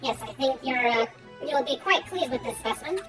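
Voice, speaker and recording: A woman's voice: high voice, animated, brisk. A woman reading a game's dialogue aloud, voicing an eager, fussy male scholar in a theatrical manner. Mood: effusive. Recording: game music playing underneath.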